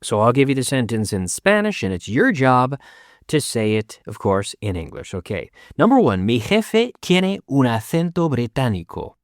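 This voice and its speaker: A man hosting an English lesson podcast for Spanish speakers, switching between English and Spanish and repeating sentences slowly for learners. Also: mid-range voice, sing-song, dry recording, studio quality. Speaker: English teacher and podcast host. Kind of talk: bilingual language lesson.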